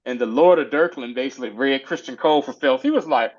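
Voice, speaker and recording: A man casually recapping a TV episode with a co-host, animated and slangy, acting out the characters' lines in quick little voices. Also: medium pitch, muffled recording. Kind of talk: casual chat.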